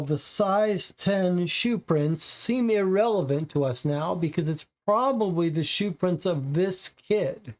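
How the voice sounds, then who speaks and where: A player reading a detective case aloud and then slowly musing over the clues, with long drawn-out pauses. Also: medium pitch, a little mellow.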